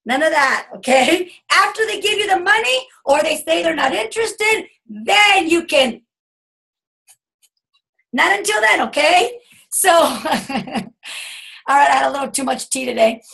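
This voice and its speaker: Woman, very high voice, gravelly fry, animated sales coaching, video call. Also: a little slow, pauses often, rough recording. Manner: animated, acts out bubbly customer chatter in a squealing voice. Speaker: guest speaker coaching a sales team.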